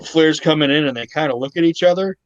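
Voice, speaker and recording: A man co-hosting a casual podcast chat, excited and swearing freely as he talks. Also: on the high side, no room sound, muffled recording. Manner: excited, swears freely, quotes others in quick put-on voices. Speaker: podcast co-host.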